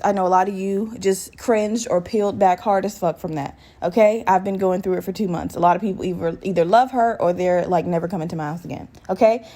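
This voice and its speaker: A young woman in her twenties talks straight to her listeners in a casual solo podcast. She is chatty and candid, with plenty of swearing. Her voice sits at an ordinary pitch for a woman. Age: 20s. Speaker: podcast host. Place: her bedroom at home.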